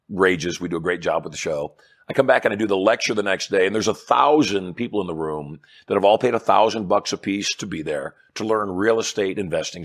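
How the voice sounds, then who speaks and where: Middle-aged guy, lowish voice, storytelling on an interview, acts out the back and forth. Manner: animated storyteller acting out dialogue. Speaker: guest, hypnotist and persuasion trainer.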